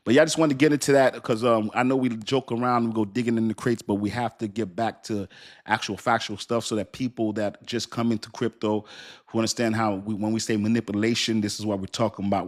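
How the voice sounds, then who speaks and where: A man hosting a casual crypto livestream, joking and talking straight to his viewers in an animated way. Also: on the low side.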